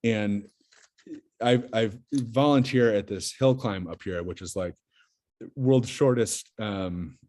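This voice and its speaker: A man talking casually as a podcast guest, his voice sitting a little low. He rambles through a long story with frequent fillers and restarts, speaking in loose chat. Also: slow, a little mellow.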